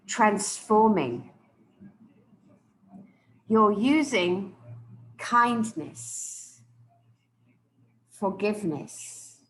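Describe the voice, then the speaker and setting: A woman coaching public speakers live, emphatic and deliberate, often repeating key words for stress. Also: medium pitch, roomy sound, slight background noise, low-quality recording. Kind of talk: live speech evaluation to an audience.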